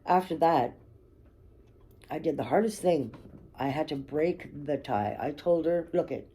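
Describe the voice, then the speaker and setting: A woman's voice: deep voice, animated, a little slow, warm tone, slight background noise. A woman vlogger telling a personal story to camera, candid and blunt, swearing freely and checking in with "okay?" and "right?".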